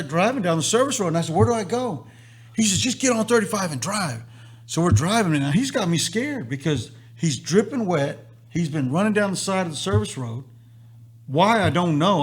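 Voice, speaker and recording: A man's voice: high-pitched, normal speed, breathy edge. A man hosting a live stream, telling a long story and acting out the lines of the people in it. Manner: animated storyteller acting out quotes. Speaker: host.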